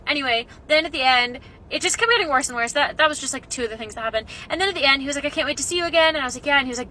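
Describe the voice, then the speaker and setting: A young woman telling a story about a bad date in a casual, animated and exasperated way. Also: high-pitched, racing, hardly any pauses, rough recording.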